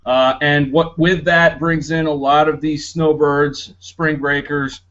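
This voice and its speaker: A man's voice: fairly high pitch, little pitch movement, slow pace, a bit bright, highs cut off. A man co-hosting a podcast in casual chat, griping and mimicking annoying drivers. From Florida. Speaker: podcast co-host.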